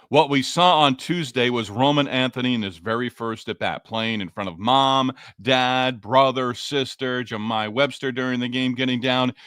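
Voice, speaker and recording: A man hosting a solo sports podcast, talking straight to listeners in an energetic, emphatic way. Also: mid-range voice, no echo, studio quality. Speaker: podcast host.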